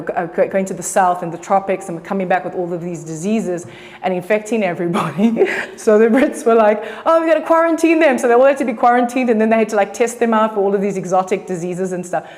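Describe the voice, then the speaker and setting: Middle-aged woman artist, loose and swearing, mid-pitch, speaking in a big hall with long reverb. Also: darkish tone. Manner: profane, rambling, self-correcting. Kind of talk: casual artist talk.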